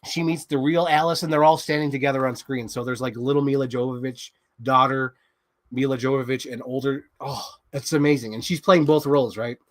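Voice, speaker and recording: A man hosting a show, excitedly rambling through a movie recap in casual chat, swearing freely. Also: mid-range voice, fairly quick. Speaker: show host.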